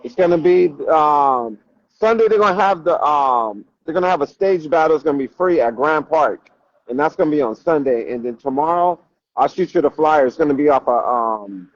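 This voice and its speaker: A man's voice: fairly high pitch, normal speed, dry recording. A man hosting a casual interview, mostly giving short replies and explaining event details. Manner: brief affirmations, relaxed. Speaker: interviewer, host. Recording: dull lo-fi sound.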